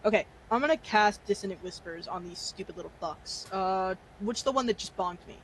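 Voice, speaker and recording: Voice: medium pitch, a little fast, a bit bright, a little hiss or hum, rough recording. Tabletop player, casual, playful, swears, laughs. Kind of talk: casual tabletop game play.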